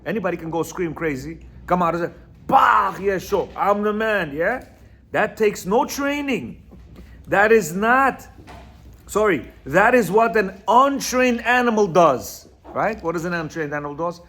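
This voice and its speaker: Teaching informally on marriage and self-control, a high-pitched man with a slightly bright tone speaks at a measured pace, his pitch swinging widely. He reads quotes out loud and unpacks them with frequent asides, constant "right?" and "you hear?", and the occasional stumble over Hebrew words.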